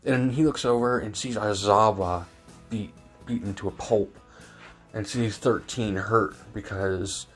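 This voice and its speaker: A man's voice: fairly low pitch, a little slow, faint music behind. A man improvising a fan-fiction story, rambling with many fillers and self-corrections.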